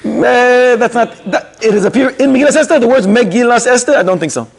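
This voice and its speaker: A man's voice: extremely high pitch, fairly quick. A middle-aged man teaching a Torah class in a sermon style, with Yiddish-inflected Hebrew words, rising sharply into mock rebukes. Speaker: rabbi giving a Torah class.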